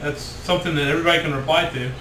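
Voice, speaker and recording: Male player, rapid and impatient, echoey room, distant mic, clear background noise. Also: a little high, steady tone, pushed and bright. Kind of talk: casual tabletop play.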